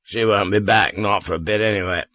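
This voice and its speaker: A man's voice: on the low side, steady tone, brisk, pushed and bright, dry recording. A man voicing a drunk, morose and suspicious man with slurred, grudging speech in an audiobook. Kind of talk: audiobook character voice.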